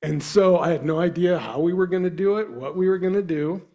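A man telling a personal devotional story in a casual, halting way with frequent fillers. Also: high voice, mellow.

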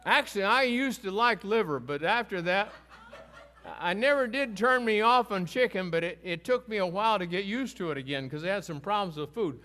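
A man's voice: sits high, lively intonation, a little fast, bright, forceful tone. A man teaching an informal Bible lesson in a folksy, chatty way. He asks his group questions and has them answer back.

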